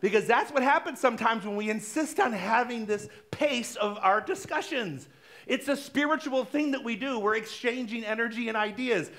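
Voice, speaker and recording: A man's voice: very high-pitched, normal speed, a bit bright. A middle-aged man, a minister, giving a conversational, playful sermon in a church, acting out little everyday dialogues. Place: church sanctuary.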